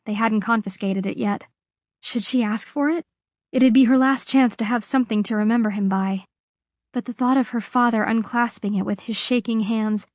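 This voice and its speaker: Expressive woman narrating an audiobook. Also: a little high, dry recording, studio quality. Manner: measured, expressive reading.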